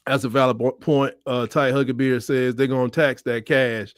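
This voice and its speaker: A middle-aged man hosting a casual sports livestream. He jokes and reads out chat comments, and his voice breaks into high squeals. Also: flat delivery, moderate pace, no room sound, studio quality.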